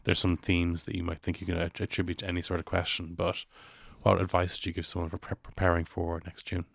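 A man with an Irish accent hosting a podcast, asking questions quickly with stumbling restarts. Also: low voice, completely flat delivery, vocal fry, no echo, studio quality. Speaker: podcast host. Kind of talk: casual interview.

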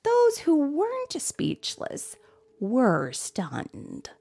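Slow, whispery woman reading a storybook. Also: sits high, vocal fry, soft background music. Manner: soft, often whispery, animated storytelling. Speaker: storybook reader. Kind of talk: children's read-aloud with asides.

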